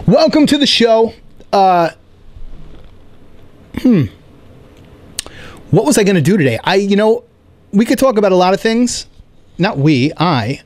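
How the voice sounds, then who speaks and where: A man hosting a comedy podcast, riffing in a rambling, animated, self-mocking monologue indoors. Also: high voice. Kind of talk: casual rambling stand-up monologue. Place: indoor room.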